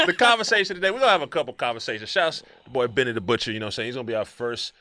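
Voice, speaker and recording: A man's voice: medium pitch, racing, dry recording. A man co-hosting a podcast, chatting casually and laughing often with his co-hosts in a studio. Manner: animated, laughing often, hype intro delivery. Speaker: podcast co-host. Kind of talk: casual chat.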